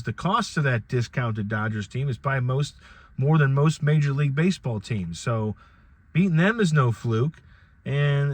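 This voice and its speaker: A man's voice: fairly high pitch, no room sound. A middle-aged man hosting a solo podcast, talking in a rambling, conversational way with frequent restarts. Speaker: podcast host. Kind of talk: casual solo commentary.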